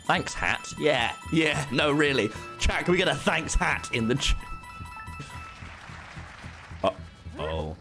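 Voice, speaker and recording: A man streaming a game live, excitable and swearing as he jokes with his chat. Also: fairly high pitch, takes it slowly, pauses often, over music. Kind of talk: live gameplay commentary.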